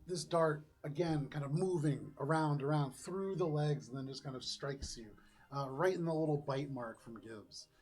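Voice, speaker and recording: A man narrating as game master of a tabletop role-playing game, describing the action in a relaxed, chatty way. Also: fairly high pitch, normal speed.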